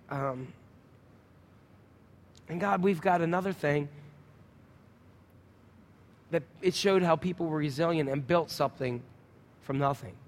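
A man preaching a sermon, telling a story and acting out the sounds and his own inner thoughts, often asking the congregation questions. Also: fairly high pitch. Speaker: pastor. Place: church sanctuary. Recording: church hall reverb.

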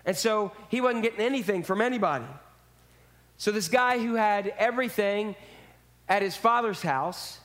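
High-voiced man preaching conversationally. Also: normal speed, a bit bright. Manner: conversational, acts out quotes in character voices. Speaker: pastor. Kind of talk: sermon.

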